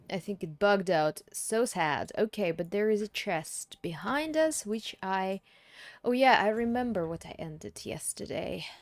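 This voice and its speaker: A woman giving casual, chatty commentary while playing a video game, reacting aloud and swearing now and then. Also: mid-range voice. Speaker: let's play gamer.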